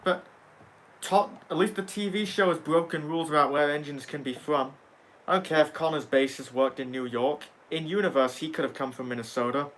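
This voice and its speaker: Young male streamer, bright tone, sarcastic casual banter with chat. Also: fairly high pitch, steady tone, a little fast. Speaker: livestream host reading chat.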